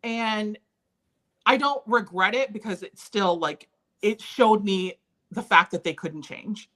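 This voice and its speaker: A woman's voice: mid-range voice, slow pace, a bit bright. A woman in her thirties, an interview guest, candidly and earnestly recounting painful family memories. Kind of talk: personal storytelling in a conversation.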